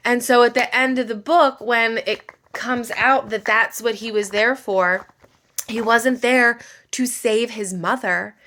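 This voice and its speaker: A woman's voice: on the high side, steady tone, measured pace, bright, forceful tone. A woman, a mother, chatting casually about a book while doing her makeup, emotional and rambling, full of filler words. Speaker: book vlogger.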